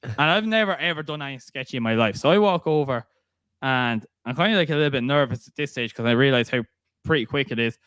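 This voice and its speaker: Chatty Irish man, smooth dry voice. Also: mid-range voice, animated, fast, a bit bright, no room sound. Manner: chatty, laughs while telling stories. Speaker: podcast host. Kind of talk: casual podcast chat, storytelling.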